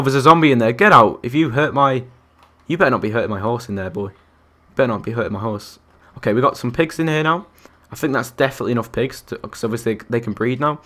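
A young man commentating his Minecraft survival game, chatty and excitable, talking to the animals and to his viewers. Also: medium pitch. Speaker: gaming YouTuber. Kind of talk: Minecraft let's-play commentary.

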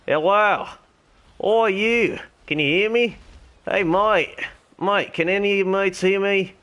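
Over-the-top fake Australian bloke, boisterous and friendly, pitched up, voiced by a male streamer. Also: slow pace, a bit bright. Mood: hailing. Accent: put-on Australian. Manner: boisterous, calls out to strangers. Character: loud jokey Australian bloke character.

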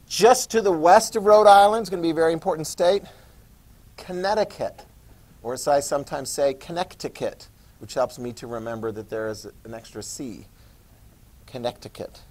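Chatty male teacher lecturing a class. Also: on the high side. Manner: chatty, asides and questions to students.

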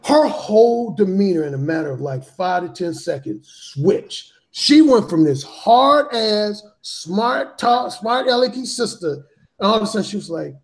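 A man's voice: high voice, lively intonation, a little slow. Blunt, profane male storyteller. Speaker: podcast guest, dating author. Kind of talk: casual storytelling in a talk show.

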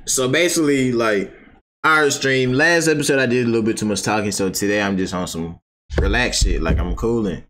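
A man's voice: medium pitch, brisk, fairly bright tone, faint music behind. A man streaming his reactions to a reality show in loose, slangy casual talk with plenty of swearing.

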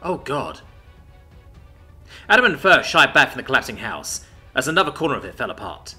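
Animated male sci-fi story narrator. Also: medium pitch, fast talker, soft background music. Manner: dramatic storytelling.

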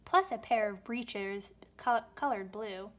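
A woman reading a rhyming children's book aloud, with expressive storytelling delivery. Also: mid-range voice, slow pace.

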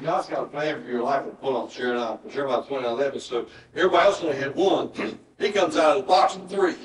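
A middle-aged man, preaching a sermon and telling a personal story in an earnest voice that often drops to a hushed, emotional tone. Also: medium pitch. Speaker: pastor. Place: church sanctuary. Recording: roomy church sound from a distant mic.

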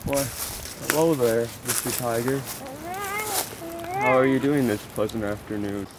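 Man as a prim, overly polite scout kid, mid-pitched, noisy home-video sound. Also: a little slow, close to an everyday voice. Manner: overly polite, formal phrasing. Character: polite, timid scout boy Louis, bookish.

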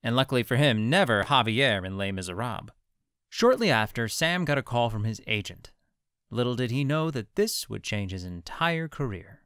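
A man reading a scripted biography narration with a clear, even delivery. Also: mid-range voice, moderate pace, no echo. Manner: clear, even read with lively intonation. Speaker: documentary narrator. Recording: dry, close studio mic.

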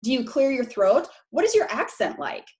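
A woman's voice: high voice, very animated, normal speed, a little mellow. Chatty Minnesota-accented woman presenter. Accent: Minnesota, long O's. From Minneapolis, Minnesota, USA. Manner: frank, chatty, keeps asking the audience "right?". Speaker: presenter on brand building for real estate agents. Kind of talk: live presentation to an audience.

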